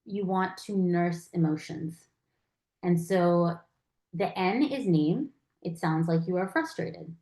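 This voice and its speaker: A woman's voice: lowish voice, takes it slowly, mellow. Woman lecturing in an echoey room. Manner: conversational, acts out quoted phrases. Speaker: palliative care educator.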